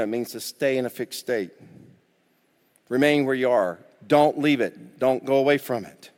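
Emphatic preacher man in a reverberant hall. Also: on the high side. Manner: emphatic preaching with repetition and sudden drops to quiet. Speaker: pastor. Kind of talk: sermon.

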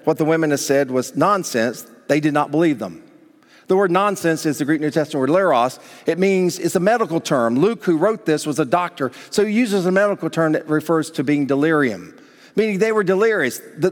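A male pastor preaching a sermon, talking conversationally and asking the congregation rhetorical questions. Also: fairly high pitch. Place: church sanctuary. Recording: long hall reverb.

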